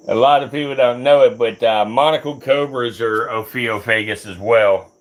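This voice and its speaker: A young man hosting a reptile livestream, chatting casually, swearing and cooing at his snakes. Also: medium pitch. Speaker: reptile keeper and livestream host.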